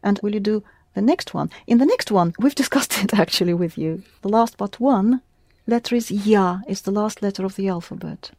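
A woman leads a one-to-one language lesson, patient and encouraging. She says each word slowly and clearly, then repeats it. Her voice is mellow, and the recording is dry and close. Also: mid-range voice, no echo. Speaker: language teacher.

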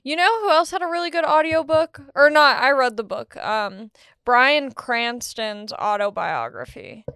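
A woman's voice: high voice, lively intonation, measured pace, pushed and bright, smooth, no room sound, studio quality. A young woman hosting her own podcast, talking in a rambling, jokey, self-deprecating monologue. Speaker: podcast host. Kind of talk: casual monologue.

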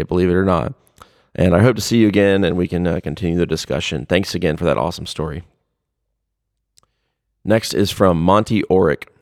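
A man hosting a podcast, casually reading out listener emails and chatting about them with relaxed fillers. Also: deep voice, no echo, studio quality. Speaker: podcast host.

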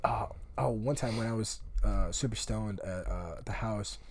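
A man's voice: fairly low pitch, measured pace, vocal fry. Easygoing young man chatting. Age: young adult. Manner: easygoing, chatty, swears casually. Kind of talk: casual chat.

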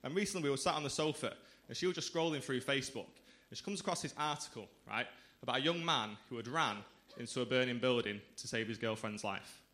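A man's voice: medium pitch, animated, fast talker, pushed and bright. A man doing a stand-up set in a comedy club, chatting cheekily with the crowd. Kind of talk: stand-up routine.

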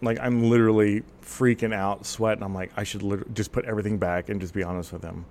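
Rambling low-voiced man telling a story. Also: fast talker. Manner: rambling, animated storyteller who voices quoted people. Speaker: podcast guest. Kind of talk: casual storytelling.

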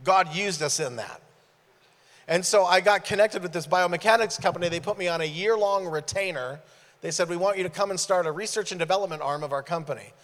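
A man preaching as a guest speaker in church, telling animated stories and acting out the dialogue. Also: sits high, brisk. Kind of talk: sermon storytelling. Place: church sanctuary. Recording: long hall reverb.

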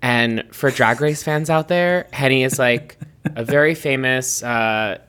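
A man's voice: medium pitch, measured pace, a bit bright, clear, resonant tone. A man co-hosting a casual chat podcast, rambling with lots of ums and likes. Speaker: podcast co-host.

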